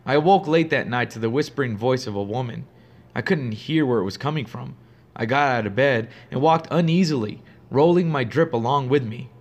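A man narrating a first-person horror story in a steady, grave, suspenseful way. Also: medium pitch, brisk.

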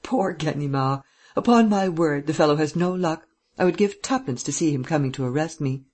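A reader voicing a male gentleman thief who is weak from his ordeal, speaking in stammering, incredulous questions. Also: mid-range voice, animated, brisk, slightly rough. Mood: amused. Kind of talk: audiobook dialogue reading.

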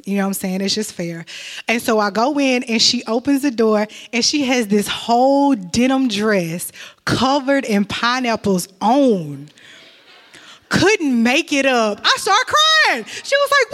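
A young woman giving an emotional testimony in church, telling her story with sudden high exclamations. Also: expressive, measured pace, fairly bright tone.

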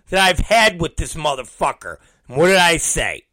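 A man telling a profane story, acting out both sides of old conversations and mimicking others in low, mumbling voices. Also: very animated, moderate pace, hardly any pauses, sharp tone, no room sound, studio quality. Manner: acts out both sides of conversations, swears constantly.

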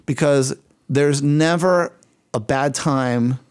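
A man co-hosting a podcast in a casual, energetic, rambling and playful way. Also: medium pitch, takes it slowly, smooth. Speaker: podcast co-host. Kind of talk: casual chat.

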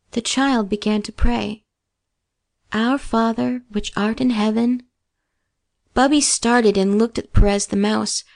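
A woman reads a children's story aloud in a gentle, measured way. Her voice sits a little high and keeps an even storybook cadence. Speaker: narrator. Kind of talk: scripted storybook narration.

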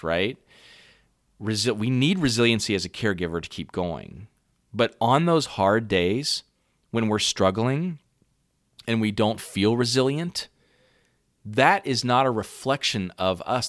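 Earnest low-voiced man coaching caregivers. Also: a bit bright, dry recording, studio quality. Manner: earnest, conversational, often asks "right?". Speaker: parent coach and podcast host. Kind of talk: encouraging podcast talk to caregivers.

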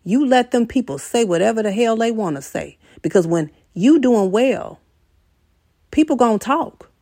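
A woman's voice: fairly high pitch, animated, normal speed, warm tone, dry recording, studio quality. A woman hosting a venting show, giving a blunt, preachy, casual encouraging monologue that swears freely.

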